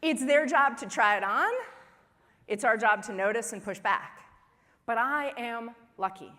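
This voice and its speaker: A woman in her forties giving a humorous keynote speech at a conference, telling family stories in an animated way and acting out the dialogue. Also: a little high, unhurried. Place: large conference hall. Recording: long reverb of a large hall.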